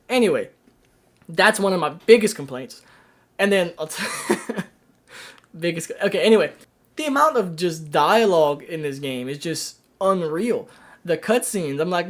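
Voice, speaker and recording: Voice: mid-range voice, a bit bright. A game reviewer in a casual, venting rant, talking loosely with many fillers and restarts.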